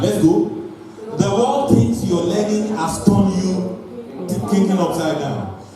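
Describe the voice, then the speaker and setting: A man preaching an energetic sermon and calling on his congregation to respond. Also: sits high. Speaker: pastor. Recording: echoey hall, voice from far off, faint noise.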